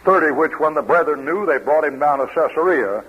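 A man's voice: on the high side, expressive, brisk, husky. A man preaching a sermon, telling folksy stories and reading scripture aloud. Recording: dull lo-fi old radio broadcast.

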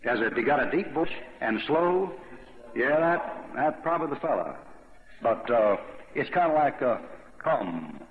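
A man's voice: medium pitch, expressive, moderate pace. A man preaching a verse-by-verse Bible sermon in a conversational, rambling way, with asides and questions to his listeners. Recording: dull lo-fi recording in an echoey hall.

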